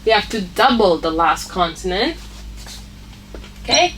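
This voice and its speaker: A woman's voice: medium pitch, animated, a little slow, a bit bright, far from the mic, a little hiss or hum, low-quality recording. A woman teaching an English phonics lesson, patiently repeating each point and checking with "okay?". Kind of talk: online grammar lesson.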